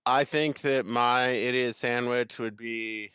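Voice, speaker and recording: A man's voice: mid-range voice, fairly even intonation, slow pace, background noise. A man, a chef guest on a podcast, telling a kitchen story in a casual chat, laughing, swearing and repeating words.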